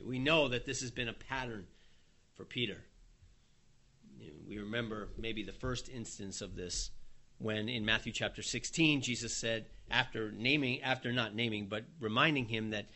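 A man preaching a sermon, telling the story in a lively way with a chuckle here and there. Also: medium pitch, moderate pace.

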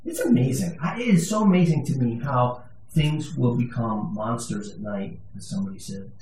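A man's voice: medium pitch, animated, normal speed, a little mellow, slight background noise. A male pastor giving a sermon, conversational and emphatic, with touches of humor. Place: church sanctuary. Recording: echoey room, voice from a distance.

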